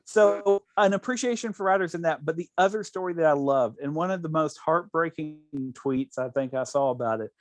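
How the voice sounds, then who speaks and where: A man's voice: on the high side, a little fast, few pauses, dry recording. A man hosting a podcast, telling stories in casual chat with many restarts. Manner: rambling storyteller with many restarts. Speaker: podcast host.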